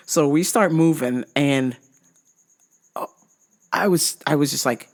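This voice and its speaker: A woman telling a profane comic travel rant in an animated manner, jumping into high outbursts. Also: takes it slowly, long pauses. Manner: animated, swearing, jumps into high-pitched outbursts. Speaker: vlogger.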